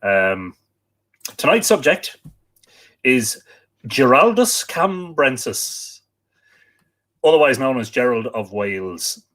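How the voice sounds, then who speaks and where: A man's voice: mid-range voice, lively intonation, slow, pauses often. Irish man, livestream host, chatty, casual, reads viewer comments aloud. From Ireland.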